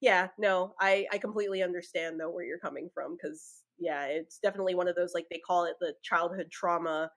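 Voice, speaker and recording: Speaking fairly quickly and rarely pausing, this young woman co-host has a lowish, fairly bright voice. She chats casually on the podcast and rambles, leaning on plenty of fillers.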